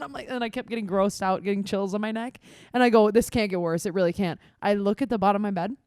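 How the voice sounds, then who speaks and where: Animated young woman telling a wild story. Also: a little high, quick pace, no echo, clean studio sound. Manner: animated storyteller, swears freely, acts out her own reactions. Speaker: podcast co-host. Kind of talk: casual chat, storytelling.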